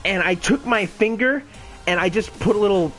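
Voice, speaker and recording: With faint music behind him, a twenty-something gaming channel host speaks at a moderate pace in a high, somewhat bright voice. He rambles through a casual story, swearing often and laughing at himself.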